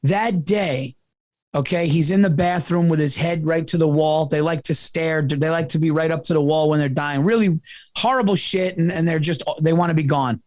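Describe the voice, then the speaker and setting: Animated, foul-mouthed man telling a story. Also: on the high side, normal speed, dry recording. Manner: animated, profane, keeps addressing the listener as "dude". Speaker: podcast guest. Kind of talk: casual conversational storytelling.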